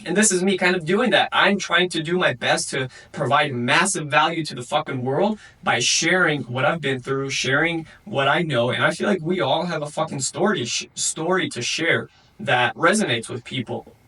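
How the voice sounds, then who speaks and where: A man's voice: fairly high pitch, normal speed, bright, forceful tone, breathy edge, distant mic, poor audio. A young man hosting a podcast and giving a blunt solo motivational talk, swearing constantly and calling the listener bro. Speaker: podcast host.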